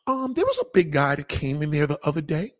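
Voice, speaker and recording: A man's voice: a little high, a little fast, no echo. A man ranting and telling a story in casual, profane slang, acting out the voices. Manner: loud, animated, swears constantly, acts out voices. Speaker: vlogger.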